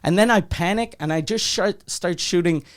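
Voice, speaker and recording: A middle-aged man hosts a comedy podcast in a loose, swearing, story-driven chat. His voice sits a little high for a man and comes through smooth and clean. He jumps into the dialogue of his stories as he tells them. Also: normal speed. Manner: animated storyteller who acts out every line of dialogue; swears freely.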